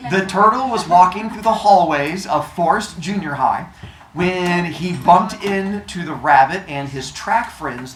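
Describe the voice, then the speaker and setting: Animated joking teacher in an echoey classroom. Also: male voice, on the high side. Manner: joking, animated, teasing students. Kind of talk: classroom lesson with storytelling. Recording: echoey classroom with student chatter.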